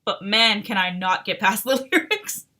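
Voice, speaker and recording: Woman streamer, amused and curious, slow easy talk with a bright edge. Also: medium pitch, animated. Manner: giggly, amused, full of questions. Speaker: streamer reacting to music videos. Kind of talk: casual reaction chat.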